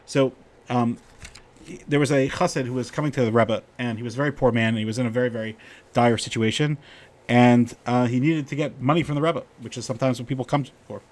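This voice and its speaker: A middle-aged man giving an informal Torah talk, telling stories and getting animated when he quotes the people in them. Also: medium pitch, fast. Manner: storytelling, animated when quoting characters.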